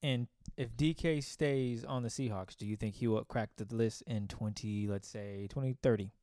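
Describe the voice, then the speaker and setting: A man's voice: on the low side, normal speed, warm tone, no echo, clean studio sound. A man co-hosting a podcast, chatting about sports in an easygoing way. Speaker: podcast co-host. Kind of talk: casual sports chat.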